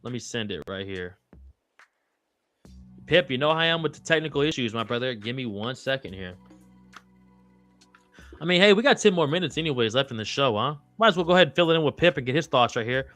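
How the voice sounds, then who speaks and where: A man's voice: mid-range voice, expressive, brisk, long pauses, a bit bright, faint music behind. A man hosting a live-stream sports talk show, casual, slangy and profane, calling viewers and guests brother and dog. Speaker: podcast host.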